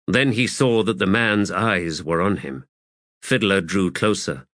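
A man narrating a fantasy novel in a measured, deliberate way. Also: sits low, fairly bright tone, no room sound, studio quality. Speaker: audiobook narrator.

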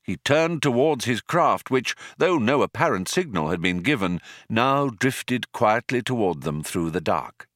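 A man reading a story aloud as narrator, with expressive storytelling. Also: mid-range voice, a little slow, few pauses, no room sound, clean studio sound. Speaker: audiobook narrator. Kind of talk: scripted narration.

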